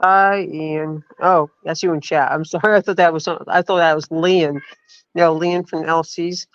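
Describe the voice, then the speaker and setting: A woman's voice: low-pitched, steady tone, moderate pace, no room sound. A woman hosting a livestream, telling long rambling stories with many fillers and reading chat aloud. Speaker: livestream host. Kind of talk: casual storytelling on a livestream. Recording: dull lo-fi stream audio.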